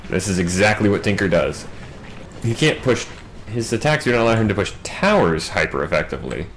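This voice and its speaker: A man doing solo play-by-play game commentary, racing through big fights and dropping wry asides in quiet moments. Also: lowish voice, slight background noise, poor audio. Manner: quick, excitable calls in big plays, wry asides in lulls. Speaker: match commentator.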